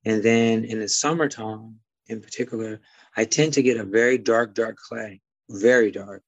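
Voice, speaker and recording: A man's voice: on the low side, steady tone, normal speed, no echo, highs cut off. A man from Detroit with a slight Midwest twang, a guest talking casually and rambling with many fillers and restarts. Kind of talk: casual conversation.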